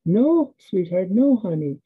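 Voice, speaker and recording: A woman voicing a gentle mother who softly reassures her child. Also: medium pitch, sing-song, slow pace, slightly rough, heavily acted. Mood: soothing. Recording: tinny phone-like sound.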